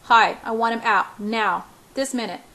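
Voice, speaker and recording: A domineering young billionaire in a rage, read by a woman in an audiobook. He barks short, clipped commands and snarls through his teeth, pushing every line loud and hard. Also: on the high side, a little slow. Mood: furious.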